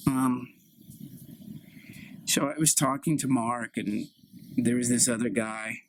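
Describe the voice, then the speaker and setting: A man's voice: mid-range voice, slow, slight background noise, lightly acted, poor audio. A man improvising an anxious young woman complaining to her mother. She halts and repeats herself in a plaintive way. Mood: aggrieved. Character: anxious young woman, insecure and aggrieved daughter. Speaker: improv performer. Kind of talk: solo improv scene.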